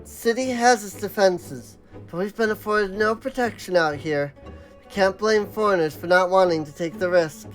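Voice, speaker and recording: A man's voice: high voice, moderate pace, soft background music, natural voice, poor audio. A man reading aloud the lines of a weary male merchant leader in a game, speaking in a tired, defensive way.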